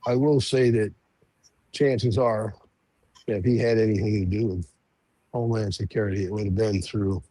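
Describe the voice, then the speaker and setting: A man chatting casually as co-host, explaining things slowly with many restarts. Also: lowish voice, steady tone, mellow, no echo. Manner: halting, restarts sentences, drawn-out explaining. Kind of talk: casual chat.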